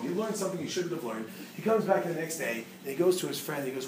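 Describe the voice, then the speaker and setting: A man giving a humorous teaching talk to a live audience, quizzing them with quick questions. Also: fairly high pitch, very animated. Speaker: speaker teaching a class. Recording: echoey room, distant mic, noisy.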